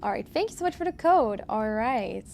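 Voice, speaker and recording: A woman's voice: fairly high pitch, animated, moderate pace, creaky, darkish tone, a little hiss or hum. A woman live-streaming from home, chatting casually and answering viewers as she plays. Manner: chatty, reads chat aloud and answers viewers.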